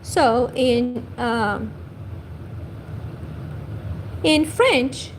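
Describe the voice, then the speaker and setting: Slow, lively woman teaching languages. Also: high voice, slight background noise. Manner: slow, repeats each word for learners. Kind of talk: livestream language lesson.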